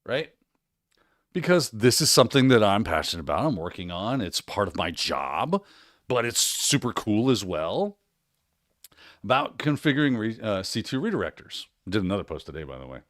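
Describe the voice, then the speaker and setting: A man hosting a casual livestream, giving energetic, encouraging advice with frequent restarts and tag questions. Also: fairly low pitch, normal speed, no echo, clean studio sound. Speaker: host.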